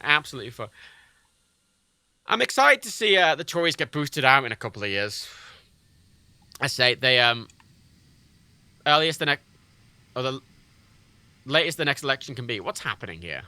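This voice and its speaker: A man's voice: medium pitch, big pitch swings, normal speed, pauses often, bright, forceful tone, dry recording. A man livestreaming a flight game, ranting sarcastically about local politics with lots of swearing. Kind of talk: casual gaming-stream rant.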